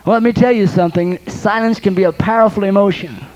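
A woman's voice: mid-range voice, fast, darkish tone, low-quality recording. A woman preaching a sermon, exhorting her listeners and often repeating words as she restarts.

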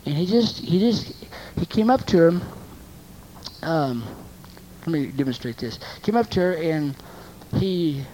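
The preacher's voice is warm, mellow and mid-range, animated yet unhurried, with frequent pauses. Rhetorical questions and repeated phrases drive the sermon, which shifts from loud emphasis to quiet asides. Poor audio with a light hiss or hum.

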